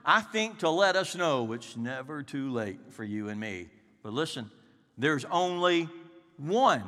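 A man preaching a sermon, swinging dramatically between loud peaks and hushed, quiet lows. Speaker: pastor. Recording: long hall reverb.

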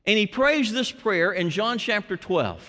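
Male pastor mid-sermon, expressive high voice with long church-hall reverb. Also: measured pace. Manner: dramatic preaching, dropping to hushed tones and rising to shouts.

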